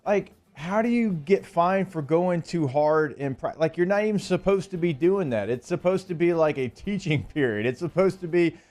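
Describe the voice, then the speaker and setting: A man's voice: a little high, expressive, moderate pace, hardly any pauses, darkish tone, faint music behind. Laid-back man co-hosting sports radio. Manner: casual, laid-back, leans on "like". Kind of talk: morning sports radio chat. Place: radio studio.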